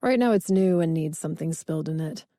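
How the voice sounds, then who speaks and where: A woman's voice: deep voice, quick pace, dark tone, dry recording, clean studio sound, close to an everyday voice. A woman voicing a wealthy, confident man who teases with an easy, self-assured manner, in an audiobook reading. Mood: teasing.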